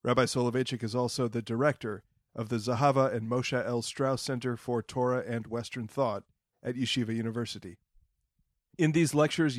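A man's voice: mid-range voice, dry recording, studio quality. A man reading a formal scripted introduction to a lecture series. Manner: formal, measured. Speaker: series announcer.

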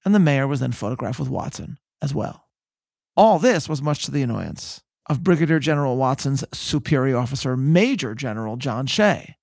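A man hosting a podcast, telling history in measured, scripted narration that slows for emphasis. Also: mid-range voice, creaky, darkish tone, breathy edge, dry recording, studio quality. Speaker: podcast host.

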